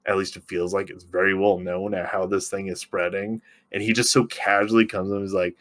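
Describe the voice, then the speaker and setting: A man co-hosting a podcast, recapping a TV episode in casual, excitable chat, swearing freely. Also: low-pitched. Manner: excitable, swearing, recapping scenes with quick impressions. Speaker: podcast co-host.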